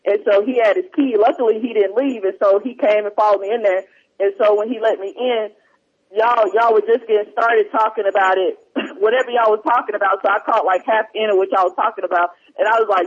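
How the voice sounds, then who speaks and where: A man hosts a talk show podcast, chatting casually and reading listener emails while rambling and easily getting distracted. He speaks a little fast in a high-pitched voice with a steady tone. Coming over a remote line on headphones, the audio is dull and lo-fi.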